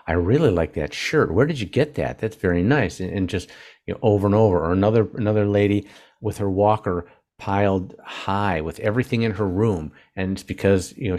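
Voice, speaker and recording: Older male author guest, low voice, halting and heartfelt, restarts often. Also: a little mellow. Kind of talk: casual interview talk.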